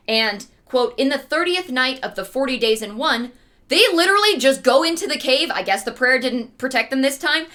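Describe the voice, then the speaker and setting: A woman's voice: sits high, bright, forceful tone. A young woman casually retelling an old story with sarcastic, playful asides, as a streamer.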